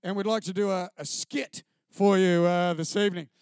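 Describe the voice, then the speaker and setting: A man voicing a mild, earnest church band singer who speaks haltingly with lots of ums. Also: high voice, steady tone, darkish tone, smooth, no room sound, clean studio sound, voice pushed down.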